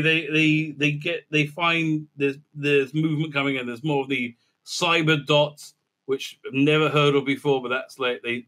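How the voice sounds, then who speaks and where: Sarcastic man with a sharp, bright voice. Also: on the high side. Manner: sarcastic, mocking, rambling. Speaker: show reviewer. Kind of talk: casual recap and review.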